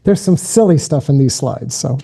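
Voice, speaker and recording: A middle-aged man giving a keynote as a spiritual director, leading guided contemplative prayer and then a lecture in a gentle, invitational, self-deprecating way. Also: mid-range voice, lively intonation, normal speed, vocal fry, slightly rough.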